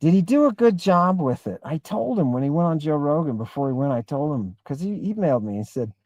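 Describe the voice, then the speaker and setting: A slightly high, sing-song male voice with a darkish tone comes through a dry recording, moving a little fast. He's hosting a livestream, rambling emphatically, reading viewers' comments and responding, and keeps asking "right?".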